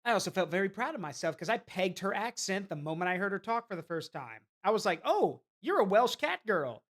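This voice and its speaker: Rambling streamer. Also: medium pitch. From United States. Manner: rambling, chatty and opinionated. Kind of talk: casual gameplay commentary.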